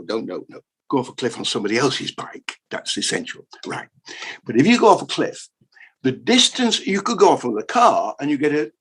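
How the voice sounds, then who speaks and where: A man from the UK gives a lively, humorous keynote lecture on the history of maths. He is jokey and animated, repeating words to drive points home, and his mid-pitched voice has a husky edge. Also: low-quality recording. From United Kingdom. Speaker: keynote speaker.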